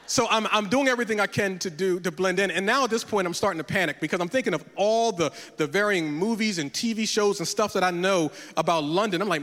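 A man with a high, light voice preaches as a pastor. He tells his story in an animated way and acts out the dialogue as he goes. The sound rings with a long hall reverb. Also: quick pace, hardly any pauses. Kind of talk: sermon with personal storytelling.

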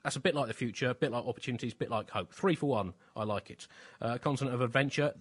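A man's voice: medium pitch, rapid-fire, slightly rough. A man co-hosting a satirical comedy chat, with dry, wry asides. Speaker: podcast co-host.

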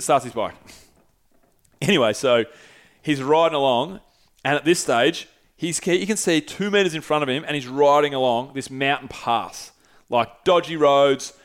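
A young man telling a long travel story in a loose, profane, filler-heavy way as a podcast host. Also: medium pitch. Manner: profane, rambling anecdote with frequent fillers. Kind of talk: casual solo storytelling.

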